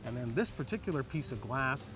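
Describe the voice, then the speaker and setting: A man's voice: medium pitch, lively intonation, fairly quick, fairly bright tone, soft background music. A man co-hosting a car review show, explaining features in an enthusiastic, chatty way.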